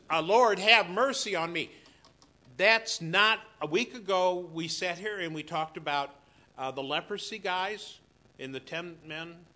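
Slow, emphatic preaching man. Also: a little high. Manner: slow, emphatic preaching that swings from loud to hushed. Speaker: pastor. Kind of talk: sermon. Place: church.

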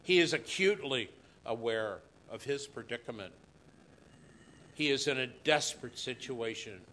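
Pastor guy preaching real slow, bright edgy voice, gets loud then goes quiet. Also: mid-range voice. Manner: slow, emphatic preaching that swings from loud to hushed. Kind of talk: sermon. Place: church.

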